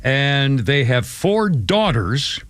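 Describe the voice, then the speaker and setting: Chuckling radio co-host, lively voice. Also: male voice, medium pitch. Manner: chuckling sidekick, chimes in with quick reactions. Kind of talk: talk radio banter. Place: radio studio. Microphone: studio microphone.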